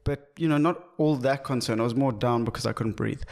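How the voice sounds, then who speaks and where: Young South African male co-host, lively ironic storyteller, casual comedy chat. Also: medium pitch, brisk, creaky. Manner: animated storytelling, ironic jokes. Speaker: podcast co-host.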